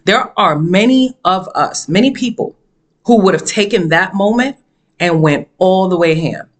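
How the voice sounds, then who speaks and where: A woman tells a personal story with lively energy, her voice leaping high for emphasis and dropping low to drive a point home. She repeats phrases in a preachy, motivational way. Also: measured pace. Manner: animated, dramatic storytelling with sudden pitch jumps; emphatic, preachy delivery with repetition. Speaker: motivational speaker. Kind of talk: storytelling monologue.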